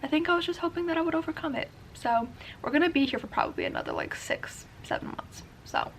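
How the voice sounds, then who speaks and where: A young woman chatting casually to camera at home in a writing vlog, gushing and gasping with excitement now and then. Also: sits high, fast talker, a little hiss or hum, low-quality recording. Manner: chatty, gushing with excitement, gasps and soft exclamations. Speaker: booktube vlogger and writer. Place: home, at a desk.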